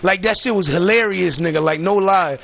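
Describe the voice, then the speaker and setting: A man's voice: high-pitched, fairly quick, gravelly, a bit bright, no room sound. A man telling stories in a rambling, profane, emphatic casual rant.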